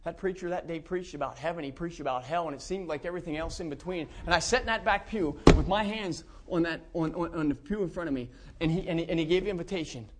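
A middle-aged man from central Pennsylvania gives his conversion testimony to a church, speaking fast with a fairly high pitch and hardly pausing. His preaching is folksy and warm, with chuckles and many restarts, over slight background noise.

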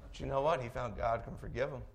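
A man preaching a sermon, telling a story in an animated way with chuckling asides. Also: medium pitch, fast, slight background noise.

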